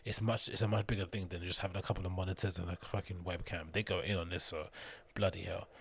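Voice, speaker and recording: A man's voice: deep voice, steady tone, quick pace, gravelly, slightly rough. A young man hosting his own show, rambling casually about the news, swearing freely and joking as he goes. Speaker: podcast host.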